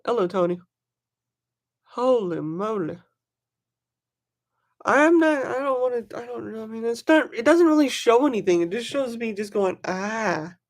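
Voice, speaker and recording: With a mid-range voice at normal speed and frequent pauses, a knife collector talks casually on a livestream. The delivery is excitable and rambling, and viewers in the chat get addressed by name.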